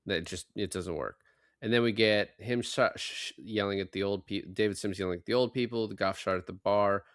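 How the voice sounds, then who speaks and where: A man hosting a casual movie-review podcast, excitedly recounting scenes and swearing freely. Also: on the low side, a little fast, dry recording, clean studio sound. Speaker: podcast host.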